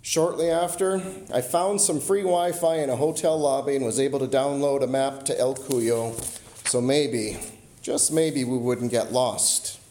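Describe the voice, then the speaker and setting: A man preaching a sermon as a pastor, telling a personal story and slowing and softening his voice on key lines. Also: fairly high pitch. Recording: roomy echo.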